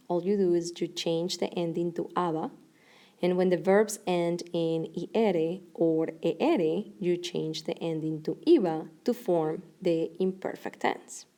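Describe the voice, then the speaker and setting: A woman teaching a recorded grammar lesson, explaining clearly and slowing down for each example. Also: on the low side, dark tone. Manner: clear, measured explanation with slow deliberate examples. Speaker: Spanish teacher.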